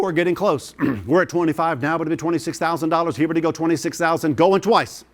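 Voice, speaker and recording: A man running a live virtual charity auction, urging bidders on with energetic, rhythmic repeated bid calls. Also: on the high side, fast talker. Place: studio of a virtual gala broadcast.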